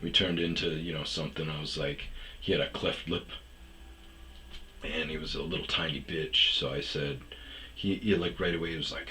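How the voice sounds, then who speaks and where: A man's voice: very deep voice, fairly even intonation, moderate pace, sharp tone, a little hiss or hum. A man telling a rambling personal story in a casual, profane monologue, raising his voice when he mimics other people. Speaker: storyteller host.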